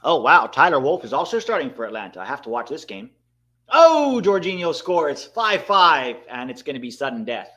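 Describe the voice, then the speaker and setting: A man hosting a live watchalong, reacting excitedly to the match and chatting to his viewers. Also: mid-range voice, fast, few pauses. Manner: excitable, bursts out at big moments, talks to chat. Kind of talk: live match commentary and chat.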